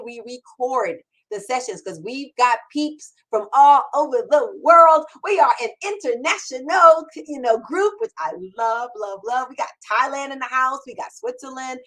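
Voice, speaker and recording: Energetic middle-aged woman hosting a live Q&A. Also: sits high, low-quality recording. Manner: energetic, enthusiastic, repeats words for emphasis. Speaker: host. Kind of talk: live-streamed Q&A. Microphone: camera mic on a livestream.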